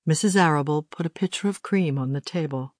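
Woman narrator with a very low voice. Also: fairly quick, a little mellow, dry recording, clean studio sound. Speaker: audiobook narrator. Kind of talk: scripted audiobook narration.

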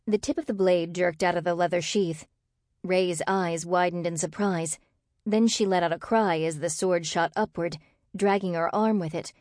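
A woman reading an audiobook in steady, expressive narration. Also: on the low side, dry recording, studio quality. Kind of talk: scripted narration.

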